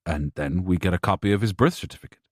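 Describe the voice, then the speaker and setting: A man reading a practical young husband who talks in a steady, matter-of-fact way. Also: low-pitched, fast, no echo, studio quality.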